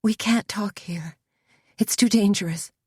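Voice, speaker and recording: A tiny, frightened young woman speaks in hushed, trembling phrases, as a woman reader does her. The delivery is unhurried and the sound is dry and close. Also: mid-range voice, fairly even intonation, slightly rough, dry recording, pitched above the performer's own voice. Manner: soft, shaky and hushed.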